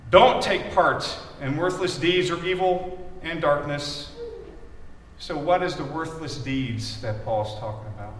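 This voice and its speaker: Man, Midwestern accent, lay preacher, high voice, chatty storytelling, distant mic, long church reverb. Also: unhurried, a little hiss or hum. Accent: Midwestern American. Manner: chatty, anecdotal, addresses congregation by name. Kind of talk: casual conversational sermon. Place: church sanctuary.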